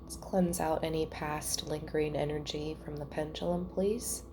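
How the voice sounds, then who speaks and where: A woman giving a casual spiritual reading at home, chatty and thinking out loud with soft asides. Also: deep voice, fairly even intonation, moderate pace, background noise. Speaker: tarot reader.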